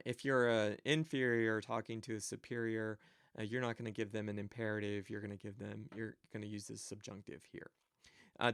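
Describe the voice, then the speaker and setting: A Greek teacher gives a recorded grammar lecture, explaining things step by step with frequent fillers. His voice is on the low side with a clean tone, and the studio-quality recording has no room sound.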